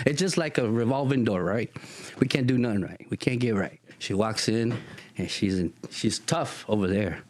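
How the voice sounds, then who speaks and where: Lively man telling a story. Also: on the low side, moderate pace, no room sound. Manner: animated, acts out voices in his stories; casual street slang. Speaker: guest. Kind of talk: storytelling interview.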